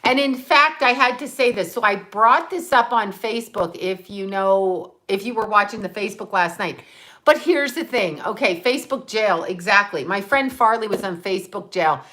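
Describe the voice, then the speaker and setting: A woman's voice: medium pitch, animated, moderate pace, sharp tone. A woman talking casually on a livestream, chatting, swearing freely and thanking viewers by name as she reads their comments. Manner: laughs often while talking. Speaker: livestream host.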